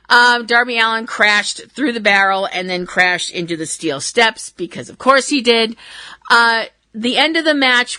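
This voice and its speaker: A woman's voice: medium pitch, pushed and bright, no echo. A woman hosting a wrestling podcast, recapping a match in a giggly, irreverent way, with casual swearing.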